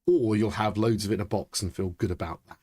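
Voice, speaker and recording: A man, chatting excitably and thinking aloud during live gameplay commentary. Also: lowish voice, fast talker, husky. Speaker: streamer.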